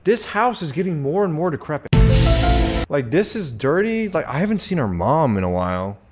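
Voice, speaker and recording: A man's voice: big pitch swings, moderate pace, faint music behind. Jokey man narrating a horror game. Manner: chatty, jokey, bursts into high shrieks when startled. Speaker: gaming channel host. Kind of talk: solo let's play commentary.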